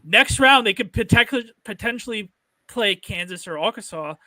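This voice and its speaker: Bright-voiced North Jersey guy. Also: sits high, animated, moderate pace, no room sound. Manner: rambling, filler-heavy. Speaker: sports podcast co-host. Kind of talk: casual chat.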